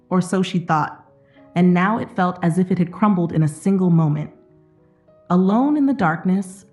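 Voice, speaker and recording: A woman narrating an emotional story in a steady, dramatic scripted reading. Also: medium pitch.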